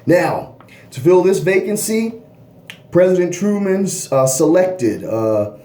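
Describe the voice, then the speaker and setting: A man's voice: mid-range voice, dark tone. Rambling man lecturing in an echoey room. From Baltimore, USA. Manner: rambling, fills pauses with "uh" and "all right?". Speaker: history lecturer. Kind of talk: unscripted history lecture.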